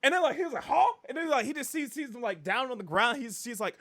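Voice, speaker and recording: A man hosting a podcast, casually retelling an anime plot with many fillers and acting out characters' lines in quick bursts. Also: extremely high pitch, a bit bright. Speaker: podcast host.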